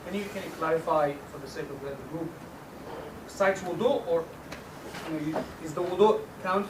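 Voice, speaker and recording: A man in a class asking hesitant, halting questions from the group. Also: fairly high pitch, background noise. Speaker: class participant. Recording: distant, quiet, amid a room of people.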